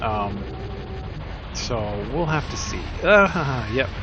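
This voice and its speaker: A man's voice: mid-range voice, big pitch swings, slow, noisy background. An older man hosting a let's play, giving rambling, self-deprecating casual commentary full of fillers. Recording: slightly dull lo-fi sound with faint music.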